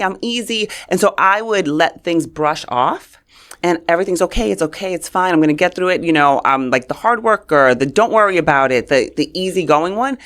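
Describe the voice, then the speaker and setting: A woman from New York with a New York accent, a communications coach speaking as a guest and telling stories in a lively way. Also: deep voice. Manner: animated storyteller who acts out quotes. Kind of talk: casual interview chat.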